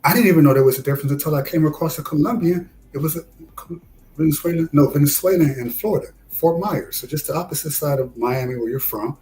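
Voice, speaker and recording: This fast talker is a discussion guest from Detroit, USA, and the audio is poor. In casual chat he tells a story with animation, raising his pitch as he acts out quotes.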